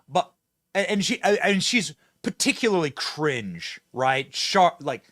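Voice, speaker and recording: A man's voice: mid-range voice, bright, forceful tone. A male host giving mocking, sarcastic political commentary.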